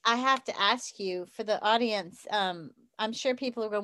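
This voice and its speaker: A woman's voice: medium pitch, moderate pace, pushed and bright, no echo. A woman in her fifties with a Southern US accent, hosting an interview in an enthusiastic, chatty way. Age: 50s. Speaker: interview host. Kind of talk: interview conversation.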